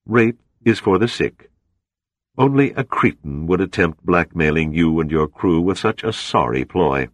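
A man voicing a suave, cold Soviet officer who talks with unhurried, mocking menace. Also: low voice, expressive, no room sound.

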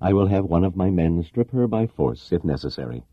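A man voicing a suave, cold Soviet officer who talks with unhurried, mocking menace. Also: sits low, big pitch swings, no room sound, highs cut off, voice pushed up.

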